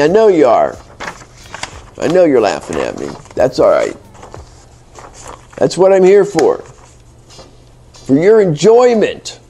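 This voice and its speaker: Faint music plays behind a fairly high, warm male voice. He's an American English teacher hosting a relaxed lesson on his channel, teasing viewers, wandering off topic, and leaning heavily on fillers and false starts.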